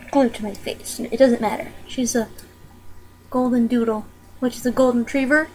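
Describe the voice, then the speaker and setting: A woman's voice: fairly high pitch, rough recording. A young woman chatting casually in a home vlog, bubbly and giggly, with sudden squeals. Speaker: vlogger. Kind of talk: casual chat.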